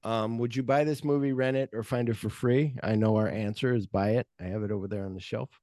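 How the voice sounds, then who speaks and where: A man's voice: medium pitch, steady tone, quick pace, dark tone, no echo. Guy hosting a movie podcast, rambly, lots of "like" and "you know", dry close mic. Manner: rambling, loose, heavy on fillers. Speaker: podcast host. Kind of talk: casual film chat.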